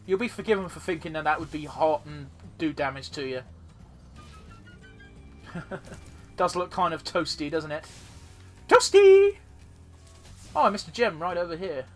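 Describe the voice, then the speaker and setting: A man's voice: a little high, moderate pace, long pauses, faint music behind. A man casually commentating his own gameplay as a let's play host, rambling and swearing freely.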